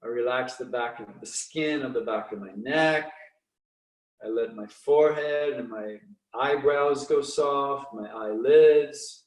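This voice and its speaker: A man leading guided breathing and meditation exercises, counting breaths slowly and calmly with frequent restarts. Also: medium pitch, reverberant, distant mic, low-quality recording.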